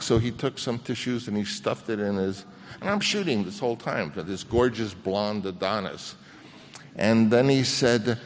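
An older man, a film director, telling an anecdote on stage in a halting way with many restarts, acting out the voices he quotes. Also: lowish voice, expressive. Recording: long reverb of a hall.

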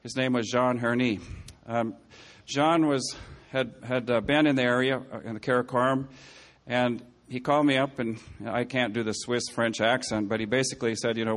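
A man's voice: mid-range voice, steady tone, brisk. A man giving an anecdotal speech to an audience, rambling with frequent self-corrections, asides and dry humor. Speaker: public speaker.

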